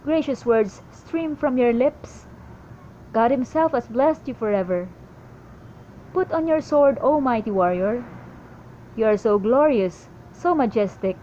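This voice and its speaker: A woman reads the Bible aloud in a steady devotional manner, now and then stumbling and restarting a word. Her voice sits a little high but sounds warm and mellow. The recording is slightly dull, with a faint hiss behind her. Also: a little slow. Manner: steady reading with small slips and restarts. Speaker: Bible reader. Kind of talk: devotional scripture reading.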